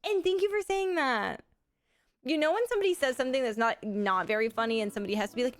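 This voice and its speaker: A woman's voice: a little high, expressive, fast talker, soft background music. A woman chatting casually on a live game stream, giggling often and making crude jokes. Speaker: livestream gamer.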